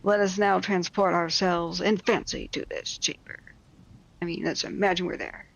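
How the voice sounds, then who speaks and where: A woman reading a classic story aloud, breaking off for wry, mocking asides and quick explanations of old words. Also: lowish voice, fairly even intonation, creaky, muffled recording. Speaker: reader.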